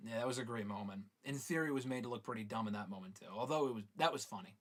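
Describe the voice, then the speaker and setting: A man's voice: mid-range voice, rapid-fire. A man hosting a live fan-question show in casual, swearing chat, reading viewer questions aloud and answering them.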